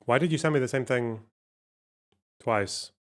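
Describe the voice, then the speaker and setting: A man with a mid-range voice, speaking a little slowly, hosts a casual livestream. He reads out donations and reacts with sarcasm and swearing, laughing often.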